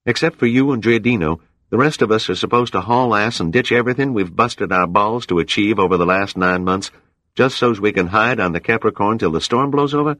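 Man voicing an angry rough crew worker, drawling, combative, deep. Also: big pitch swings, a little slow, a bit bright, no room sound, exaggerated voice. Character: angry, rough-talking male salvage worker.

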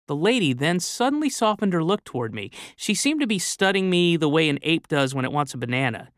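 A man telling a comic story in a goofy, excitable, naive way. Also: fairly high pitch, a little fast, hardly any pauses, no room sound, studio quality. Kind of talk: comic monologue.

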